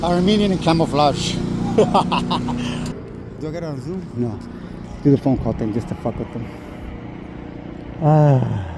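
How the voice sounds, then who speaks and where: A worn-out man rambles profanely at the passing cars, his voice sitting a little high. He spells plate numbers out slowly, with a confrontational edge. Loud street traffic runs under his phone recording. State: tired. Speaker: vlogger filming cars on the street.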